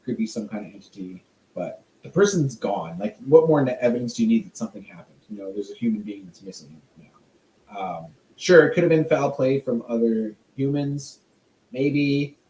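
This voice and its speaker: A man's voice: medium pitch, moderate pace. A man co-hosting a podcast, chatting casually and trading jokes. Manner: animated, joking, trades quips. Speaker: podcast co-host. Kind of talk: casual chat. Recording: roomy echo.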